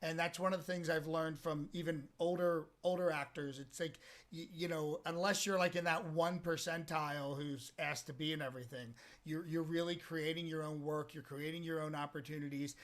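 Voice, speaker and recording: A middle-aged American comedian chatting as an interview guest, talking in animated bursts with lots of restarts. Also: male voice, on the high side, moderate pace, few pauses. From United States. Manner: animated, rambling with many restarts. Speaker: comedian and impersonator.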